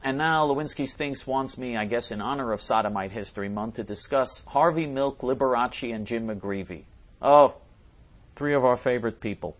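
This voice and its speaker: A man hosting a talk show, delivering an emphatic, scornful monologue with many restarts and sudden swings in loudness. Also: mid-range voice, moderate pace. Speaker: talk show host reading listener messages. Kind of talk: ranting monologue.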